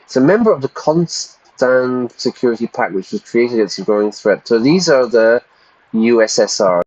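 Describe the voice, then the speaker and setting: Slightly low-voiced man, chatty teacher type, reading game text aloud and explaining words. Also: darkish tone, muffled recording. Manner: chatty, stops to explain vocabulary; stumbles over repeated words. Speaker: English teacher streaming a game.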